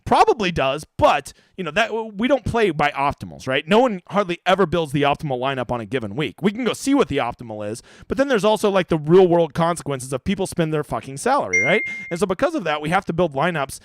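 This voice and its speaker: A man's voice: fairly high pitch, sing-song, quick pace, few pauses, no echo, studio quality. A man hosting a casual live-stream Q&A, reading viewer questions aloud and answering them bluntly, with the odd swear word. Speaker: fantasy golf streamer.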